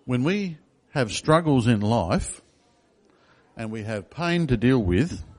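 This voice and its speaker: A man's voice: mid-range voice, lively intonation, takes it slowly. A man preaching a sermon in a conversational way, asking the congregation questions. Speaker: pastor.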